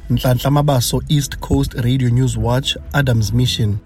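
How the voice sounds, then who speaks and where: Husky male radio reporter. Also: mid-range voice, normal speed, faint music behind. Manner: formal, steady reading. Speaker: news reporter. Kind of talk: news report.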